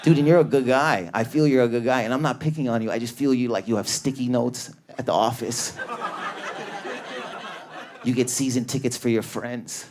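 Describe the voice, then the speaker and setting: A man doing a stand-up comedy set in a club, riffing at high energy on an audience member. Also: moderate pace, a little mellow, slight background noise. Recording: live club with a laughing crowd. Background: audience laughter.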